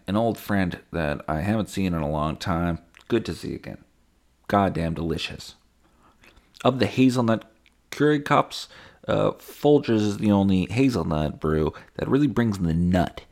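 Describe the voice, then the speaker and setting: Young male podcast host, low-pitched, profane, rambling, deadpan sarcasm with mock voices. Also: gravelly. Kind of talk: casual solo podcast monologue.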